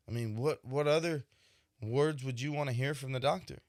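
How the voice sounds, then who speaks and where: A man's voice: mid-range voice, moderate pace, a little mellow, no echo, clean studio sound. A young man hosting a podcast, talking through his thoughts in a casual, reflective monologue, often checking in with "right?". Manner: reflective, conversational, frequent "right?" asides. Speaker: podcast host, expecting father.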